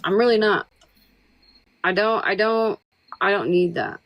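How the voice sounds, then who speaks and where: A woman's voice: medium pitch, measured pace, crowd noise, poor audio. A woman hosting a casual livestream chat, blunt and given to repeating herself, now and then swearing. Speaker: livestream host.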